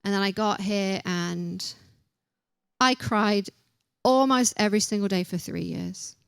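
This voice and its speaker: A young woman gives a casual sermon, warm in her humor and quick to poke fun at herself. Her voice sits at a middle pitch. The sound is dry, with little room around it. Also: creaky, clean tone, dry recording. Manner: chatty and self-deprecating, acts out quotes. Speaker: preacher.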